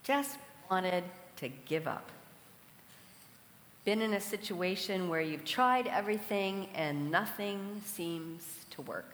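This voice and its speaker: A woman preaching a sermon in a large hall, telling a story and asking reflective questions at a measured pace. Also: fairly low pitch, fairly bright tone, a little hiss or hum. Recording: echoey hall with long reverb.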